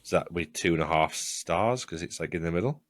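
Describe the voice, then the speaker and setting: Male co-host, low deep voice, dead-dry close mic, sweary casual chat. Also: animated, fairly quick, no room sound. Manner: blunt, swears freely, stumbles and restarts. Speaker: podcast co-host. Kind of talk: casual watch-along chat.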